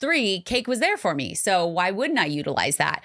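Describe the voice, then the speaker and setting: Woman co-host, low-leaning voice, candid, confiding, casual chat. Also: sing-song, moderate pace, a bit bright. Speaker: podcast co-host.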